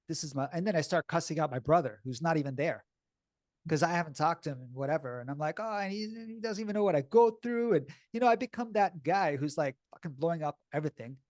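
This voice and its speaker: A man telling a personal story in a blunt, animated, casual way, swearing freely and sounding shaky and upset as he recalls it. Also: fairly high pitch, no echo, studio quality.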